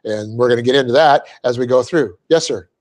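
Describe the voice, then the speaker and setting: A man's voice: medium pitch, a little mellow. A middle-aged man giving a classroom lecture on Greek grammar as a Bible teacher, explaining patiently, often checking in with his class and laughing at his own slips. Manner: light-hearted, quick to laugh at himself. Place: church classroom.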